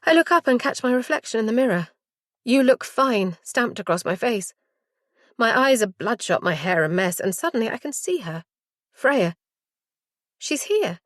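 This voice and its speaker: A woman narrating a first-person thriller audiobook in a measured, hushed delivery. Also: a little high, sing-song, no echo, clean studio sound.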